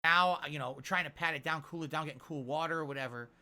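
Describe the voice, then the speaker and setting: A man's voice: a little high, fast, sharp tone. A man earnestly telling a rambling personal story on a stream. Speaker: streamer in a played clip. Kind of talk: casual storytelling.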